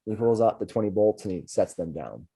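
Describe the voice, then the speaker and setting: A man's voice: on the low side, animated, a little fast, mellow, breathy edge. A man narrating a tabletop game as game master, rambling with frequent restarts. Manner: rambling, restarts, laughs often.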